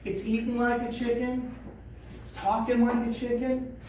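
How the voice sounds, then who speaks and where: A woman trainer telling a story at a training session, animated and repeating phrases. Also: fairly high pitch, a little slow, slight background noise. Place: training room. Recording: echoey room from a distance.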